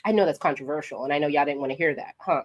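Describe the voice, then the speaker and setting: Talking very fast in a low voice, a sassy woman from New York rattles off her opinions to camera. She's an animated commentary vlogger addressing viewers directly.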